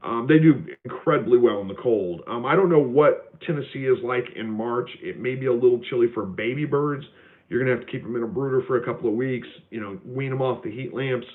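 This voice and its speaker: A man hosts a relaxed live Q&A, talking at an everyday pitch and stumbling through fillers and restarts as he answers viewers. The sound is thin and tinny, like a phone line. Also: a little fast. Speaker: homestead livestream host. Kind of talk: casual live Q&A reading viewer comments.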